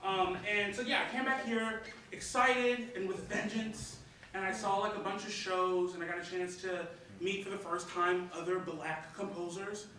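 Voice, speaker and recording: A man's voice: high-pitched, fairly even intonation, moderate pace, pushed and bright. A young man from Michigan, a composer, talking in a rambling, casual way full of fillers. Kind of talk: casual chat. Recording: echoey distant noisy room mic.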